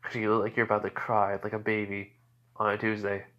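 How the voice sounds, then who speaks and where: A man's voice: on the low side, monotone, fairly quick, highs cut off, close to an everyday voice. A man voicing a taunting, smug young vampire man who sneers and mocks theatrically.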